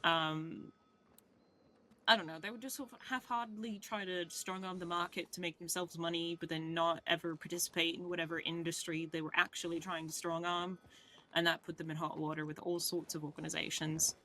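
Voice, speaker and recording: A roleplayer speaking in character as a jaded veteran, measured and wordy, sighing now and then. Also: mid-range voice, flat delivery, bright, forceful tone. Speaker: roleplayer playing a weary veteran. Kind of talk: in-character game roleplay chat.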